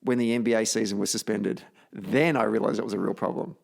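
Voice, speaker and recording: Gravelly Australian host, chatty and animated. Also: male voice, lowish voice, fast talker. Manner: chatty, self-deprecating, animated storytelling. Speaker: podcast host. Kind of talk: casual podcast chat.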